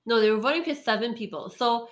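A woman tells a long story in casual chat, her voice sitting a little high. She rambles, filling every pause with fillers and breaking into laughs as she goes. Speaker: storyteller guest.

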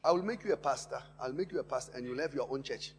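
A man preaching a sermon in a church, impassioned, swinging between quiet asides and loud emphatic lines and repeating words for stress. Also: mid-range voice, fast talker, breathy edge. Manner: impassioned preaching with sharp rises and drops in loudness. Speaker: pastor. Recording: long hall reverb in a church.

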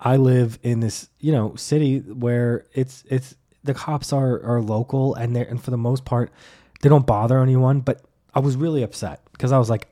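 A man hosts his own comedy podcast and tells a story at length, with a mellow, warm tone. He rambles, swears freely and stumbles through fillers and restarts. When he acts out his own lines, he turns deadpan and overly formal. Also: mid-range voice, moderate pace. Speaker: podcast host.

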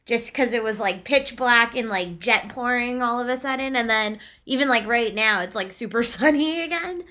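A woman co-hosting a comedy podcast, with a bright, forward voice pitched a little high. She stays upbeat and giggly as she chats. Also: expressive, moderate pace. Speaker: podcast co-host. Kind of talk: casual chat.

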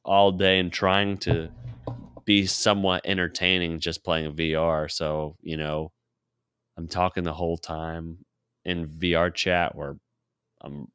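A man casually telling a long personal story, laughing often, swearing freely and quoting himself in a low mutter. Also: a bit bright, clean tone, dry recording, studio quality. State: sore throat.

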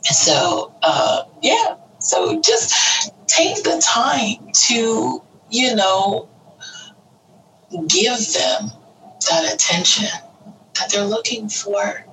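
A woman's voice: a little high, sing-song, drawn-out words, long pauses, fairly bright tone, recorded from a distance, slight background noise, rough recording. A woman talking earnestly and with feeling about parenting teenagers, acting out little quoted voices as she goes. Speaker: parent sharing advice. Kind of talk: casual heartfelt talk.

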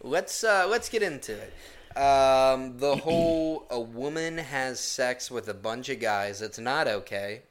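A man's voice: mid-range voice, lively intonation, a little slow. A young man co-hosting a casual podcast chat, making provocative claims in a mock-serious way. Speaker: podcast co-host.

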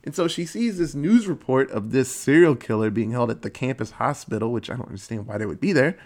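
A man's voice: mid-range voice, animated, a little fast, darkish tone. Man casually rambling through a story. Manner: rambling and loose, with frequent "like" and casual swearing. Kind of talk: casual chat retelling a movie plot.

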